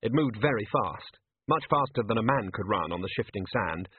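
A man narrating an audiobook with expressive, scripted storytelling. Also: lowish voice, normal speed, a little hiss or hum. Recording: tinny phone-like line, dry.

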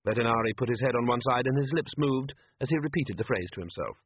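A man reads a comic novel aloud with wry expression and a lively, sweeping pitch. His voice is husky and the recording is dry. It comes through narrow and tinny, like a phone line. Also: quick pace, dry recording. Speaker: audiobook narrator. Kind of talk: scripted narration.

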